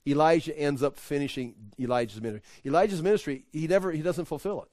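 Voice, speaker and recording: Man teaching bible, animated and chatty, bit higher voice, dry sound. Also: quick pace, no echo. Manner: animated, conversational, laughs often.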